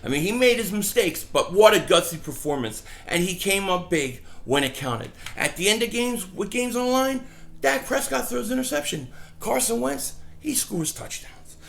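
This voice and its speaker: A middle-aged man talking casually outdoors as a fan vlogger, rambling and animated as he tells stories and mocks people. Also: high voice, moderate pace, gravelly. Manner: rambling, animated storytelling with mocking impressions. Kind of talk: casual outdoor vlog rant.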